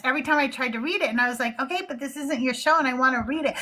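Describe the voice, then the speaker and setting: High-voiced woman hosting a call-in stream, bright tone, acts out callers, laughs a lot. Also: quick pace, few pauses. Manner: animated storyteller, laughs often, acts out callers. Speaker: live call-in show host. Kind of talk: casual livestream chat.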